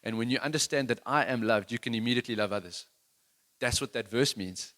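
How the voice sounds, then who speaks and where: A man's voice: mid-range voice, a little fast, fairly bright tone. A man preaching a sermon in an earnest, conversational, self-deprecating way, with many restarts. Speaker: worship leader giving a sermon.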